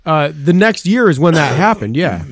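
Brief: profane man telling a story, slightly high voice. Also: sing-song, normal speed, no room sound, clean studio sound. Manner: profane, rambling, laughs often. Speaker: storyteller among friends. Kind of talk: casual chat.

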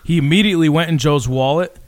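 A man in casual podcast banter, throwing in quick, profane jabs. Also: a little high. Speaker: podcast co-host.

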